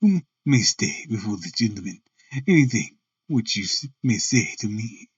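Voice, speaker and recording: A calm, precise detective who speaks in measured, polite phrases, as a male reader plays him. The voice is dry, with dull, slightly distant audio from a home microphone. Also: lowish voice, husky, no room sound, pitched below the performer's own voice. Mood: firm.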